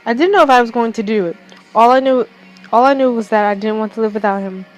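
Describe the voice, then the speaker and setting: A young woman reading a first-person fan fiction story aloud, haltingly, with restarts. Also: on the high side, faint music behind, low-quality recording.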